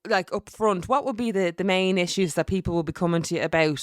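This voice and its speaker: A woman's voice: on the low side, fast. A woman hosts a radio interview, friendly and teasing as she questions her guest. Her voice sounds dry and close, with no room echo. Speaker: radio host.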